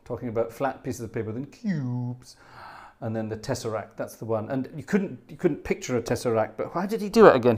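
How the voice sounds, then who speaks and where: A man hosting a livestream, chatting casually in a rambling way and laughing often. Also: mid-range voice. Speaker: livestream host.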